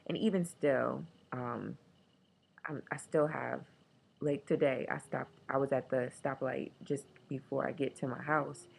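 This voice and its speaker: A woman talking candidly in a casual video diary, emotional and joking, sometimes breaking into a squeaky high chant. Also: fairly even intonation, unhurried, creaky, a little mellow, slightly rough, low-quality recording. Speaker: vlogger.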